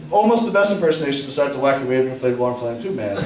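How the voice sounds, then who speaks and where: A man doing a stand-up comedy set in a club bar, telling crude stories and acting out what people said. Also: medium pitch. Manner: profane storytelling, acting out quoted lines. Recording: echoey room, distant mic, club noise.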